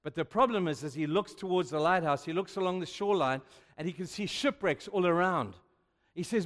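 A male pastor preaching a sermon, telling stories with sudden swings between hushed and loud. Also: a little high, brisk. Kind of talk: sermon with storytelling. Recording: long reverb of a large hall.

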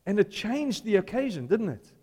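A man's voice: sits high, very animated, normal speed, mellow, breathy edge, long reverb tail. A man preaching a sermon in a conversational, storytelling way, putting questions to the congregation.

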